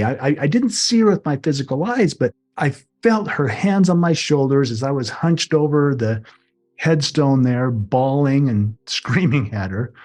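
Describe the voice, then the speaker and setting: A man's voice: a little high, darkish tone. Earnest middle-aged man telling his story. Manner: earnest, acts out remembered dialogue. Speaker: interview guest. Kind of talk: personal storytelling.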